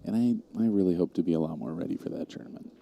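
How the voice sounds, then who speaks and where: A man's voice: deep voice, fast, gravelly, warm tone, muffled recording, a little hiss or hum. A man giving casual live commentary on a pool match, talking steadily through the shot choices.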